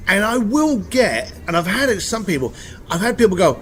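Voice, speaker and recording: A blunt man talking casually as an interview guest, his voice sitting a bit high for a man and swinging widely in pitch as he tells his stories. He is frank and lively, never stiff, and drops the occasional swear word. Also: normal speed, a little hiss or hum. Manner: blunt, animated storytelling with profanity.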